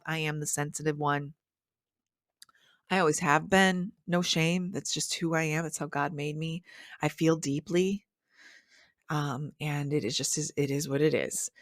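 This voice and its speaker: A woman's voice: on the low side, moderate pace, no echo, clean studio sound. A woman hosting a faith-based podcast, telling a personal story in an earnest, emotional way. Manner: earnest, emotional, animated retelling with quoted voices. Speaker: podcast host.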